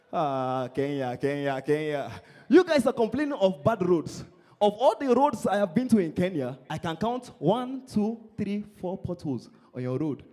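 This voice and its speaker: A young Nigerian comedian with a Nigerian accent works a live crowd, bantering and poking fun at people. His high voice swoops up and down constantly. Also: very animated, normal speed, warm tone. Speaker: stand-up comedian.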